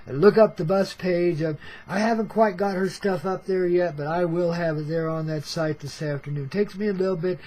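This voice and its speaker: A man's voice: sits high, fairly even intonation, normal speed, hardly any pauses, warm tone, low-quality recording. Laid-back hippie storyteller man, older. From Oregon. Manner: laid-back hippie slang, calls listeners baby and man. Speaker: storyteller host. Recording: faint background noise.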